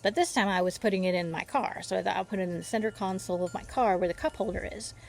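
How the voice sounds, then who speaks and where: A woman's voice: medium pitch, quick pace, gravelly, darkish tone, slight background noise. A woman telling a long rambling story to the camera in a casual vlog, easily distracted by the birds around her. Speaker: vlogger. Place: outdoors near birds.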